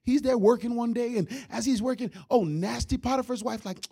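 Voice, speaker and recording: A man preaching a sermon, retelling a story with lively shouts, character voices and soft asides. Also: very high voice, a little fast, creaky, breathy edge. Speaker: pastor.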